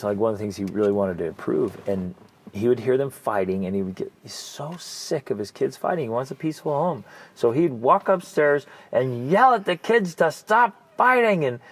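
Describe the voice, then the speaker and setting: A man co-hosting a parenting podcast, telling coaching stories in an earnest, animated way and dropping to a soft, gentle tone. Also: medium pitch, vocal fry. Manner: earnest, animated storytelling, softens to near-whisper. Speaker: podcast co-host, family coach. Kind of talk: casual podcast chat.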